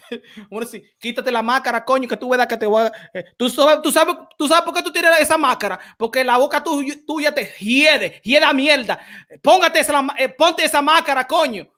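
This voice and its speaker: A man's voice: extremely high pitch, fairly quick, pitched above the performer's own voice. A man impersonating a cocky male boxer with a Dominican Spanish accent, taunting in broken English mixed with Spanish curses. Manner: taunting, shouting, mocking.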